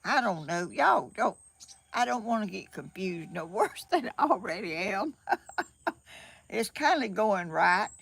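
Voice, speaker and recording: A woman's voice: medium pitch, animated, unhurried, creaky, a bit bright, breathy edge, no room sound. An older woman with a Southern US accent, chatting casually and a bit flustered on a live stream from her home, laughing often. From Georgia, USA. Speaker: vlogger. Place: home, sunny room.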